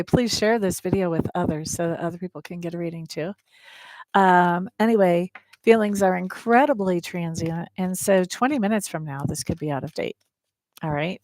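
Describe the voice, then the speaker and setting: This tarot reader hosts a livestream, addressing her audience head-on in a frank, teasing manner. She speaks in a somewhat low, slightly mellow voice.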